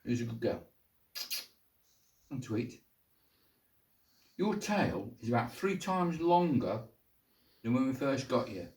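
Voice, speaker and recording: A man's voice: medium pitch, sing-song, slow pace, long pauses, darkish tone. An older man at home talking to his pet bird in coaxing, affectionate baby talk. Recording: roomy sound, distant from mic.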